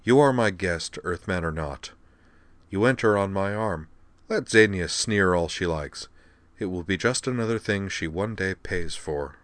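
A man's voice: low voice, a little slow, dry recording. Man reading as a cool, formal teenage princess. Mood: flat commanding. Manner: controlled, flat and formal. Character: poised, imperious teenage alien princess.

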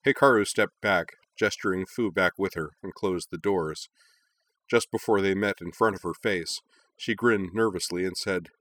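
Man narrating a story, lowish voice. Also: normal speed. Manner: lively, expressive reading.

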